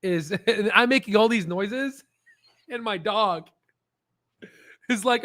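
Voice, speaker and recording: A man hosting a casual stock market livestream, animated and swearing, with stammering restarts. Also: sits high, takes it slowly, dry recording, clean studio sound.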